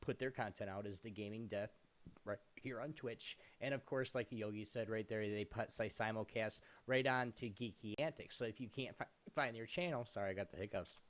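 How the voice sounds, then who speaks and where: A man's voice: lowish voice, steady tone, moderate pace. A man co-hosting a live gaming stream show, rambling through plugs in a loose, casual way with restarts. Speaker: podcast co-host.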